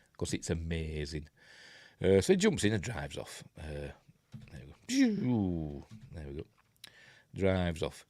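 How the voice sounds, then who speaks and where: A man's voice: lowish voice, no room sound, studio quality. Yorkshire man rambling through a film review. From Yorkshire, England. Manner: rambling, chuckling asides, many fillers. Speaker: host of a film review show. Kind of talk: casual film breakdown, chatting with live viewers.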